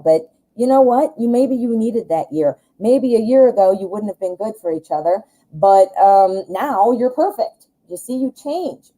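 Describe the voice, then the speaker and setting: A woman's voice: mid-range voice, mellow, low-quality recording. A woman giving a chatty live tarot reading, reassuring and thinking aloud with plenty of fillers. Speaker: tarot reader.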